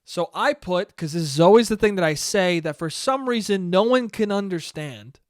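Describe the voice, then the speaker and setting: A young man talking alone into a close mic for his podcast, rambling and cursing freely while making fun of himself. His voice sits high and swoops around a lot, and the sound is dry with no room echo. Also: lively intonation, moderate pace. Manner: rambling, profane, self-deprecating. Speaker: podcast host. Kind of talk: casual solo monologue.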